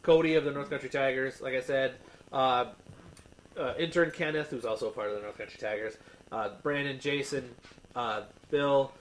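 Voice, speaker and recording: A man's voice: mid-range voice, fairly even intonation, normal speed, a little hiss or hum, poor audio. A man co-hosting a podcast in casual chat, rambling with many fillers and restarts. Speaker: podcast co-host.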